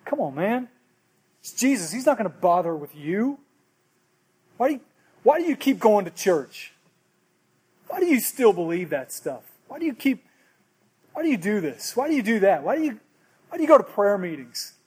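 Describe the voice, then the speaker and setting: A man's voice: high voice, very animated, normal speed, long pauses, a little mellow, slightly rough, exaggerated voice. A man voicing a dismissive bystander who mocks a believer with repeated questions. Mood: scoffing.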